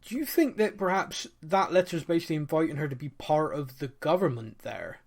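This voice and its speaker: A man's voice: a little high, animated, fairly quick, gravelly. A British man hosting a casual podcast chat, chatty and fond of mocking posh voices. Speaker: podcast host.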